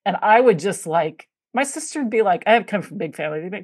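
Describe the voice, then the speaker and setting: A woman's voice: mid-range voice, animated, fast, hardly any pauses, darkish tone, no room sound, studio quality. A woman hosting a podcast, chatting casually with a guest and telling stories with plenty of fillers. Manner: chatty, storytelling, many fillers. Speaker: podcast host. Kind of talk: casual interview chat.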